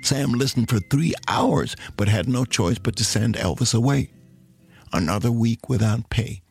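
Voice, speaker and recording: A man narrating a story in an expressive, dramatic way. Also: mid-range voice, normal speed, creaky, breathy edge, faint music behind.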